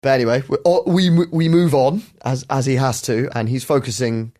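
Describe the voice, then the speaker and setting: A man's voice: medium pitch, fairly even intonation, normal speed, mellow. A man hosting a podcast, chatty, often laughing as he tells a story. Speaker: podcast host.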